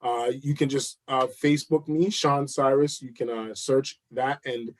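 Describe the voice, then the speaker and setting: Brief: man, enthusiastic guest pitching hard, repeats himself for emphasis. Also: steady tone, unhurried. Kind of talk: live chat interview.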